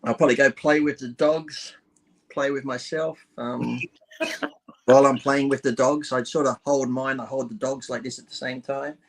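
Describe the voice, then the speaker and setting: A man's voice: medium pitch, steady tone, normal speed. Aussie guy, 50s, loose irreverent banter, does little voices for his dirty jokes. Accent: Australian. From Australia. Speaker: guest. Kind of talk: casual crude banter.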